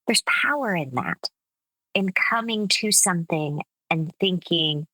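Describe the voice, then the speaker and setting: Slow, measured American woman explaining. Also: mid-range voice, pushed and bright, dry recording, poor audio. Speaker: speech coach, guest. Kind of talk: interview conversation.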